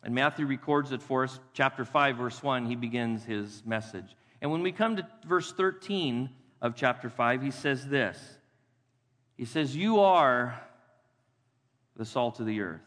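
A male pastor preaching a sermon, emphatic, repeating key phrases and slowing down to read scripture. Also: mid-range voice, animated, a bit bright. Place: church sanctuary. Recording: long reverb of a church hall.

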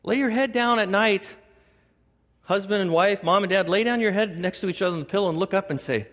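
A middle-aged pastor preaching a lively sermon, his voice sitting a touch high for a man. He jokes with the congregation and jumps into animated mini-dialogues. The sound carries a long church-hall reverb. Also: a little fast. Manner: animated, acts out dialogue with God in a higher voice.

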